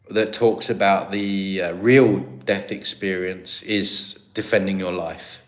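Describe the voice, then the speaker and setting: A man's voice: low voice, takes it slowly, few pauses. An English man hosting a live stream, chatting casually and answering viewer comments in a rambling, easygoing way. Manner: rambling, chatty, with frequent restarts and laughs. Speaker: livestream host. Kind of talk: casual livestream chat reading viewer comments.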